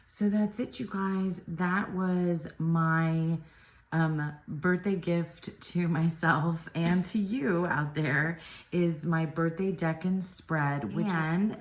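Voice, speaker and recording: A woman's voice: low-pitched, reverberant. A woman chatting casually as she shows off tarot decks, rambling with lots of likes and ums and small giggles. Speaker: tarot youtuber.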